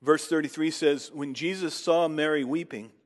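Male preacher, fairly high pitch, dramatic pausing delivery, reverberant hall sound. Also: steady tone. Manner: slow dramatic pauses, rising to emphatic questions. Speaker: pastor. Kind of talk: sermon with scripture reading.

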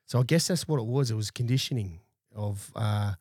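Australian male guest, thirties, lower voice, blunt, swears a lot, dry close studio sound. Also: brisk, a little mellow, breathy edge, no echo. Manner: blunt and heavily profane, laid-back anecdotes. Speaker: podcast guest, army veteran. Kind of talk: casual storytelling interview. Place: small studio.

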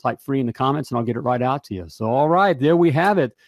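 A man's voice: medium pitch, animated, fast talker, no echo. Upbeat rambling male podcast host. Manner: rambling, upbeat, many fillers. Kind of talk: casual show wrap-up.

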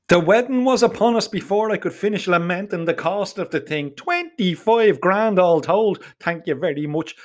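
A man's voice: high-pitched, normal speed, few pauses. A middle-aged man with a Dublin Irish accent telling a crude comic story in the first person, swearing freely. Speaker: narrator.

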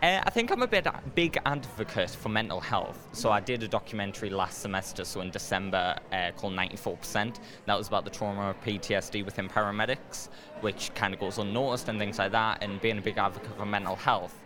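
A young man with a fairly low voice answers questions earnestly, pausing to find his words. Loud music plays behind him outdoors. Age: young adult. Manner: earnest, thoughtful, some hesitation. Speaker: interviewee, graduating film student.

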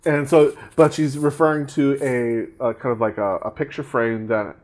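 A man talking loosely through a film recap at an ordinary middle pitch. He rambles, stumbles over restarts and breaks into laughs as he goes. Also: fairly even intonation, moderate pace, few pauses. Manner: rambling, laughs often, many fillers and restarts. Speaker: podcast co-host. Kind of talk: casual movie recap chat.

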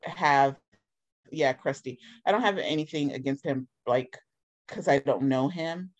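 A woman co-hosting a casual chat show with a lowish voice. She makes blunt, sarcastic jokes and offers plain opinions in an offhand way. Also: a little slow, highs cut off. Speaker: podcast co-host.

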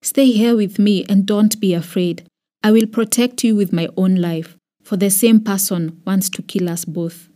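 A woman's voice: mid-range voice, fairly even intonation, unhurried, warm tone, lightly acted. A woman with a Kenyan accent voicing a young warrior leader who speaks with emphatic resolve. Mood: dismayed, resolute. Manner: emphatic exclaiming.

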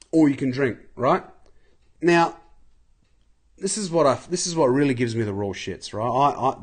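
A man's voice: on the high side, husky. A young man hosting a podcast, ranting in a casual, profane monologue while walking around home. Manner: profane, swears constantly, rants. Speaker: podcast host. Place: walking outdoors, then indoors at home.

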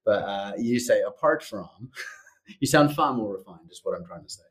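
A man's voice: lowish voice, animated, moderate pace. Upbeat male podcast host. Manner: upbeat, chummy, teasing. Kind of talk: scripted intro, then casual interview.

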